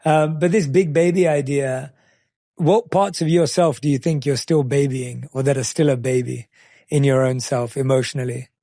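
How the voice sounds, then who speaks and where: A man's voice: medium pitch, steady tone, normal speed, warm tone, dry recording, clean studio sound. A man hosting a podcast in a casual interview, agreeing with his guest, restating her points, and asking reflective questions. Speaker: podcast host.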